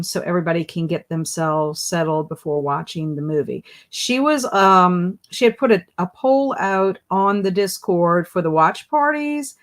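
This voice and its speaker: A woman hosting a casual livestream, greeting chatters by name with bright, rising hellos. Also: fairly low pitch. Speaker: livestream host.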